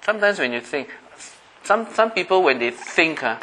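A middle-aged pastor delivers a conversational sermon, often asking listeners questions to check in and acting out everyday voices. His voice is a little high, with big pitch swings, a pushed, bright quality and normal speed, on a rough recording with slight background noise.

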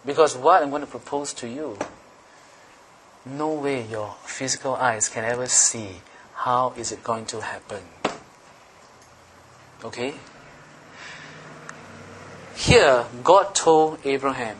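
Bright-voiced teasing male preacher. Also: mid-range voice, takes it slowly, long pauses, a little hiss or hum. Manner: playful, teasing, checks in with the congregation often. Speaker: pastor. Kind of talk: sermon.

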